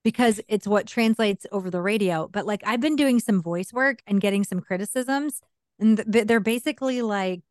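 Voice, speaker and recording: A woman's voice: medium pitch, normal speed, darkish tone, no echo, clean studio sound. A woman in her forties co-hosting a casual podcast, talking with radio-style emphasis and laughing often. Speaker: podcast co-host and voice actor. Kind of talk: casual chat.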